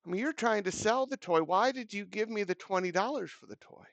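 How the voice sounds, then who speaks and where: A man's voice: fairly quick, vocal fry, no room sound, heavily acted. A man voicing an eager young boy in a told story, gushing his thanks in a raised voice. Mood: puzzled. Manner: excited thanks in a raised pitch.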